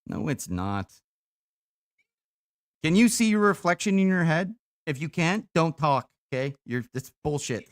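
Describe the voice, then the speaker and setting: A young man talks casually on a live stream while on a phone call, tired and loose, with frequent swearing. His voice is smooth and clear. The mic is close and dry, with no room sound. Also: on the high side, big pitch swings, measured pace, no echo. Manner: casual and profane, laughing easily.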